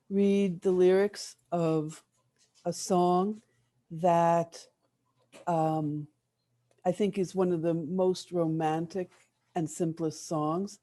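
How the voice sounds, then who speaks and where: A woman reads song lyrics gently and without hurry. Her voice is low and mellow.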